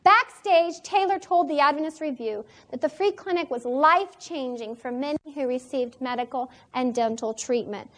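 A woman's voice: high-pitched, normal speed, few pauses, fairly bright tone. A woman giving an emphatic church training talk, repeating key phrases for stress. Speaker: church seminar presenter.

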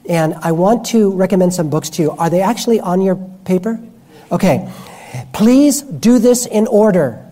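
A male preacher delivers a sermon in a warm, mellow voice. He talks in a storytelling way, often restarting and correcting himself mid-sentence as he goes. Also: sits high, expressive, normal speed.

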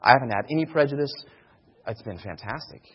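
A man's voice: mid-range voice, lively intonation, fairly quick, slightly rough. A man giving an informal sermon talk on sharing faith, earnest and repeating his key phrases for emphasis. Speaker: speaker teaching evangelism. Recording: dull sound in a reverberant hall.

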